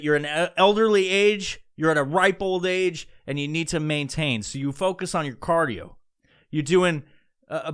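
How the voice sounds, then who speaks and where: A man's voice: a little high, fairly bright tone, smooth. A man doing a profane, rambling comedic rant as a podcast host.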